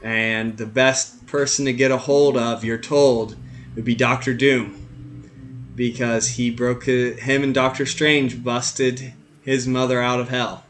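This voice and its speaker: A man narrating as game master of a tabletop role-playing game, relaxed and halting with many fillers. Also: medium pitch.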